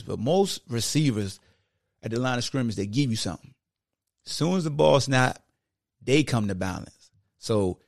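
A man hosting a podcast, breaking down football technique in a casual, animated, slangy coaching manner. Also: mid-range voice, gravelly, no echo, studio quality. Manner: slangy, conversational. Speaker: podcast host.

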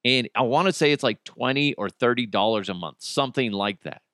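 In this podcast, a male host jokes and curses through animated rants about bizarre news stories as casual comedic commentary. His mid-range voice is smooth and a bit fast, with a dry, studio-quality recording.

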